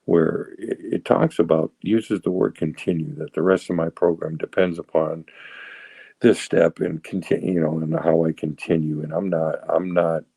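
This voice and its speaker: Gravelly deep-voiced man in his sixties. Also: steady tone, mellow, dry recording, low-quality recording. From Boston area, USA. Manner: halting, repeats words, self-deprecating humor. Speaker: guest sharing recovery story. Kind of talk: personal testimony.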